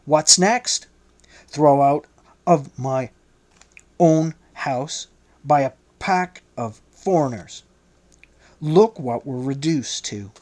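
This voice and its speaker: A man voicing a resentful older man who complains loudly and indignantly in an audiobook reading. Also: a little high, extremely slow, long pauses. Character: grumbling elderly man, bitter and resentful.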